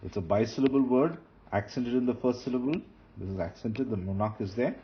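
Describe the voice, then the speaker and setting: A man's voice: medium pitch, a little fast. A man teaching Hebrew grammar as he writes on a board, patiently repeating key terms and restarting phrases. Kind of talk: explanatory lecture while writing on a board. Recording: dull lo-fi sound with faint noise.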